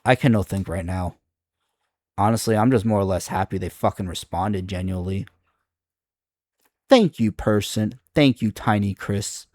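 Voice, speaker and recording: A man's voice: fairly low pitch, normal speed, pauses often, a little mellow, no echo, studio quality. A man reacting to online comments in his video, exasperated and profane, rambling with frequent restarts. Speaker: video creator.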